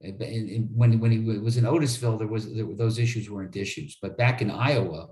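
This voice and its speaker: A man's voice: lowish voice, quick pace, a little mellow. Attorney guy telling a story, earnest, keeps restarting his sentences, roomy echo around him. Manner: earnest, repeats words when starting sentences. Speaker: attorney guest. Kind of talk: interview storytelling.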